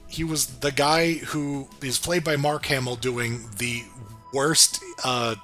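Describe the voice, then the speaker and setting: Bright-voiced man, laid-back podcast chat. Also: mid-range voice, fairly even intonation, slow pace, faint music behind. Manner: laid-back, agreeable, chuckles often, hesitant fillers. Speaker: podcast co-host reviewing a cartoon series. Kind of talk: casual chat.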